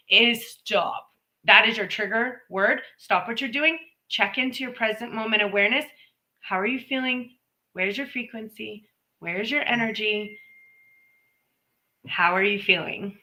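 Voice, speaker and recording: A woman's voice: fairly high pitch, lively intonation, moderate pace, bright, forceful tone, poor audio. A woman hosting a live intuitive reading stream, talking in a chatty, rambling way with playful asides. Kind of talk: casual live-stream talk. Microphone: live stream microphone.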